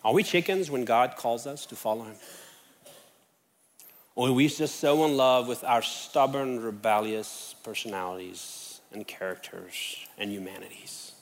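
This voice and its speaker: A man's voice: mid-range voice, measured pace, a little hiss or hum. A man preaching a sermon in an earnest way, building up with rising questions. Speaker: pastor. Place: church sanctuary. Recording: long reverb of a church hall.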